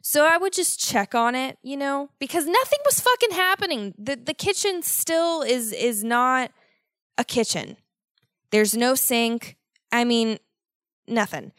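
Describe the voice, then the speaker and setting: A young woman tells a story on her own podcast, swearing freely and piling on mock-dramatic exasperation. Her voice sits a little high. The recording is dry, with no room sound. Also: lively intonation, measured pace, a bit bright, dry recording. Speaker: podcast host.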